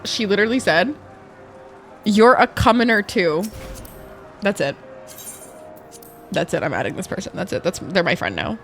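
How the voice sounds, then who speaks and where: A woman streaming a game, chatting casually with viewers, excitable and swearing a lot. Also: fairly low pitch. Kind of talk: casual live-stream chat. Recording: faint music behind.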